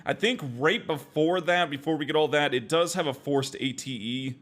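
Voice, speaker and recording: A man co-hosting a casual video game podcast, talking through a walkthrough in a laid-back way, chuckling often and getting animated when he jokes. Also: on the high side, normal speed. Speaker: podcast co-host.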